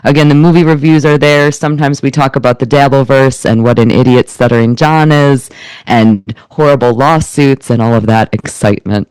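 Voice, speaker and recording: Gracious woman with a smooth voice. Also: rumbling low, steady tone, moderate pace, darkish tone, no room sound, rough recording. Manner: friendly, gracious replies. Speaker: podcast guest, movie reviewer. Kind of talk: casual interview chat.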